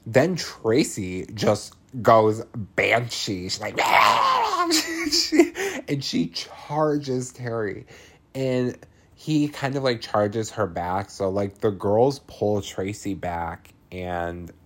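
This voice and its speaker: A man's voice: fairly low pitch, slow pace. A man hosting a podcast, recapping a horror film in casual chat, laughing often, swearing freely and throwing in dramatic asides.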